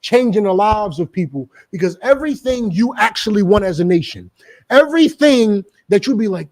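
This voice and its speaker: Preaching on the street in a New Jersey accent, this middle-aged man speaks with a fairly high voice and hammers every point by saying it again. His pitch swings widely, he talks a little fast, and his tone runs darkish, with mocking asides slipped in along the way.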